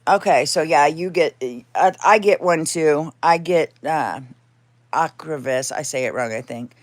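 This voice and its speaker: A woman's voice: low voice, moderate pace, no room sound. Woman chatting on a livestream from home, rambly, laughs a lot, baby-talks her cat. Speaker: livestream host. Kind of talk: casual live chat.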